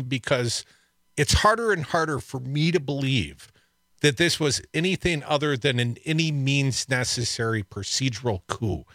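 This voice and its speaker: A man's voice: fairly high pitch, sharp tone, dry recording. A man co-hosting a political talk radio show from a studio, speaking emphatically and with indignation. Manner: emphatic, indignant, drawn-out stresses.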